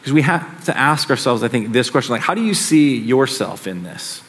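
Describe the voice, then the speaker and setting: A man's voice: mid-range voice, expressive, moderate pace, a bit bright. A middle-aged man preaching a sermon in a conversational way, with casual asides. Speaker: pastor.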